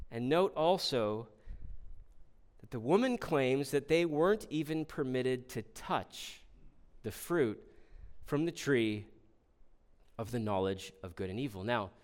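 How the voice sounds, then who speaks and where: A man's voice: fairly high pitch, unhurried, long pauses, clear, resonant tone. A man preaching a sermon on scripture, asking rhetorical questions and acting out quoted lines with shifting emphasis. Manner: expressive, rhetorical questions, voices the serpent in quotes.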